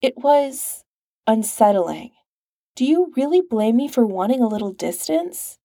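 A woman's voice: a little high, big pitch swings, warm tone, dry recording, studio quality, full character voice. A woman reading a dignified, earnest male agent. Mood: sincere. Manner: measured, formal, earnest.

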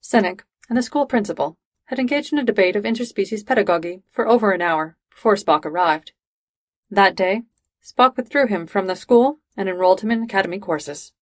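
A woman reads fan fiction aloud in a steady, even voice. Her pitch sits comfortably in the middle. The recording is dry and close, with no room sound. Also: fairly quick, dry recording. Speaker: reader.

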